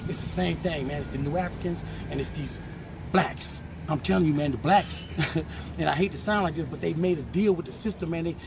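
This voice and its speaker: Intense man outdoors by traffic. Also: on the high side. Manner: intense, rising to emotional outbursts. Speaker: interviewee. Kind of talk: impassioned street interview. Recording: outdoor street noise.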